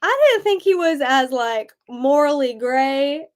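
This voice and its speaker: A woman's voice: sits high, expressive, a little slow. A young woman chatting casually about a book, full of fillers and frequent laughs. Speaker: book club discussion participant.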